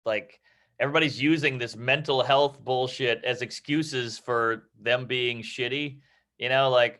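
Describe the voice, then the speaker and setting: Bright-voiced man talking comedy writing. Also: medium pitch, fairly even intonation, measured pace. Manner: rambling, profane, acts out quoted voices. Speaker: comedy teacher. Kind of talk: casual comedy-writing chat.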